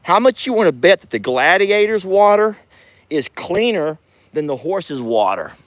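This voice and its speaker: A man's voice: high-pitched, big pitch swings, a little slow, no echo. A man with a Southern US accent, chatting folksily to viewers in a casual outdoor ranch vlog. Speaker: ranch vlogger. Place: outdoors on a farm pasture.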